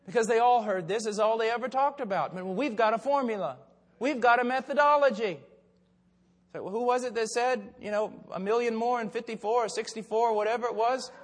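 Older male preacher, high-pitched voice, long hall reverb, storytelling sermon. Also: a little fast. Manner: swings from low, quiet storytelling to loud, shouted preaching.

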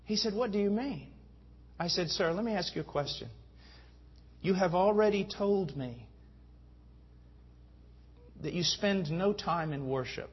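Husky, fervent male preacher. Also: fairly high pitch. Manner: fervent preaching, rising to emphatic peaks. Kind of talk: sermon. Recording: dull lo-fi sound.

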